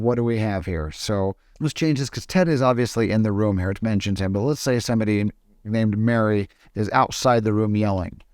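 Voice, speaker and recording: A man teaches film production in a relaxed tutorial, talking over his screen. His voice sits a little low and sounds dry and close, with no room around it. He halts often and restarts his sentences as he explains. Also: no room sound. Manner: hesitant, with frequent restarts. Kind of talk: casual screen-recorded tutorial.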